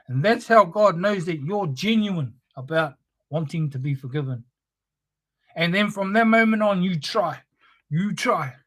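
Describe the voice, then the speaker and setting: A man's voice: sits high, fairly bright tone. A man giving an impassioned live-streamed monologue, preachy and confrontational, swearing heavily. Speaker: livestream host. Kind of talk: impassioned spoken-word monologue.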